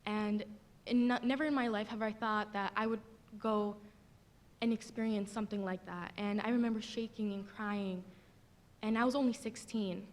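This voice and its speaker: A young woman from the audience telling a personal story, halting and tearful, with many fillers. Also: medium pitch, steady tone. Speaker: audience member. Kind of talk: emotional personal testimony. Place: large theater.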